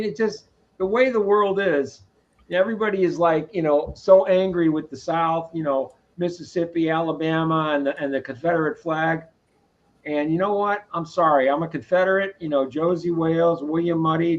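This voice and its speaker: High-voiced man, rambling and opinionated, dull lo-fi sound. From Boston. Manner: rambling, opinionated, repeats words. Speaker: host. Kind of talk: casual live-stream talk.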